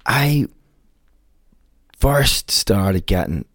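A man's voice: on the low side, big pitch swings, drawn-out words, fairly bright tone, no room sound, clean studio sound. A man hosting a podcast, chatting casually and swearing freely with lots of laughter. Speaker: podcast host. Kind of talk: casual chat.

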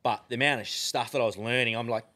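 A man's voice: mid-range voice, quick pace. A man with an Australian accent, a podcast guest telling casual stories full of swearing. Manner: profane, animated yarn-spinning with frequent swearing. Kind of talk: casual storytelling.

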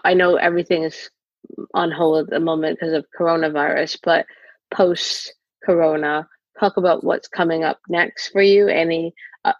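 A woman interviewer asks questions hesitantly and rephrases as she goes. Her voice is low-pitched. It comes over a dull, lo-fi video call with a dry sound. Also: dry recording.

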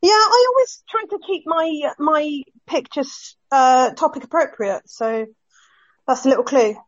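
Woman guest, high voice, muffled dry call audio. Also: unhurried, no room sound. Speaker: panel guest. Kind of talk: casual online panel chat.

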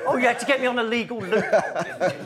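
A man's voice: very high-pitched, fast talker, over a noisy crowd. A man on a comedy football panel, ranting in mock indignation. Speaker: regular panelist. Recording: live audience laughter behind.

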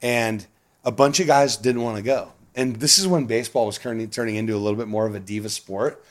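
A man being interviewed, telling stories in a casual, animated way with a lot of swearing and frequent laughter. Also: medium pitch, brisk. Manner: profane, animated, laughs often. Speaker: guest. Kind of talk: casual storytelling.

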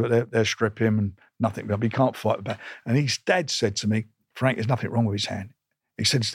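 A man's voice: fairly low pitch, slightly rough, dry recording, clean studio sound. An older man, a boxing promoter, telling blunt stories in an interview with emphatic repeats and restarts. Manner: emphatic, repetitive, combative, stumbles and restarts.

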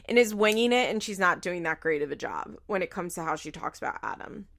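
A woman's voice: on the low side, expressive, fairly quick, fairly bright tone, dry recording, studio quality. A woman recapping a reality show in casual, incredulous commentary, swearing freely.

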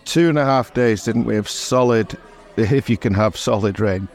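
A man's voice: fairly low pitch, moderate pace, darkish tone. A man co-hosting a comedy podcast, rambling and swearing cheerfully in casual chat. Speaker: podcast co-host.

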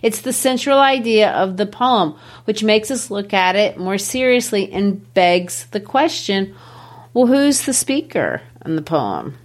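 A middle-aged woman teacher walking through a poem, playful and animated, shifting her pitch for emphasis. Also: unhurried. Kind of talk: classroom-style poetry lesson.

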